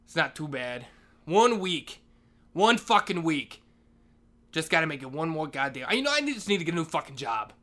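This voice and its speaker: A man's voice: on the high side, big pitch swings, fairly quick, bright, forceful tone. A man playing a school janitor, ranting in a crude, profane comic monologue. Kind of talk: comedic monologue.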